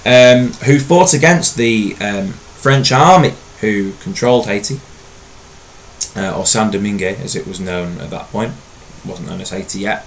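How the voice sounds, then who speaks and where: A man teaching a recorded history lesson in a relaxed, conversational way, with frequent ums and uhs. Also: fairly low pitch, a little slow, slight background noise, low-quality recording.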